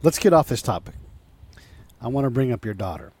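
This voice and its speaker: A man's voice: mid-range voice, big pitch swings, brisk, breathy edge, no room sound. Give me... no: A male host leads a casual interview, speaking openly and with heart. His voice sits in a mid register and sounds dry and close. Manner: warm-hearted, openly emotional. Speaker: podcast host.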